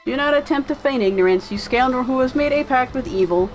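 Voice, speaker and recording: A woman's voice: sits high, a little fast, soft background music, lightly acted, poor audio. A woman voicing a stern, formal enforcer of a religious order arresting a villain.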